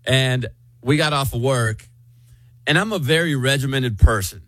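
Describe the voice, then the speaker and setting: A man in his thirties, a morning radio host, telling a story with lively acted-out quotes. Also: medium pitch, moderate pace, no echo. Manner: animated storyteller, acts out quotes.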